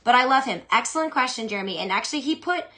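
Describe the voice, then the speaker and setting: A young adult woman hosts a casual solo chat, opinionated and animated, tossing off quick asides as she answers questions. Her voice sits a little high and sounds bright and forceful. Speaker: fantasy football podcast host.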